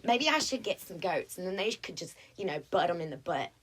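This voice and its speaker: A woman's voice: on the low side, brisk, breathy edge. A young woman from North Carolina with a Southern accent, telling stories in a casual interview and acting out the people in them. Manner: animated, acts out voices in anecdotes. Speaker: actress, interview guest. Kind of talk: casual storytelling chat.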